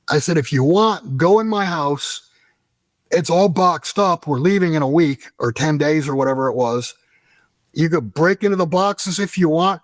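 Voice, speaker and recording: Animated storytelling man, dry close sound. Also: on the high side, a little slow, no room sound. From United States. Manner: animated, profane storyteller acting out dialogue. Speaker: guest. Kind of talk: storytelling in an interview.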